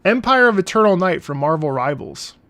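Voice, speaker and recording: A man's voice: high-pitched, sing-song, brisk, a bit bright. A man streaming and chatting casually with viewers, rambling, laughing often and swearing freely. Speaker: streamer reacting to music. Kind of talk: casual live-stream chat.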